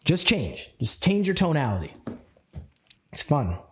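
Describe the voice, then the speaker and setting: An energetic man coaches a group live, with a voice that sits a little high for a man. He plays with his delivery, jumping between fast and slow and acting out quick phone calls. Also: slight background noise. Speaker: network marketing coach.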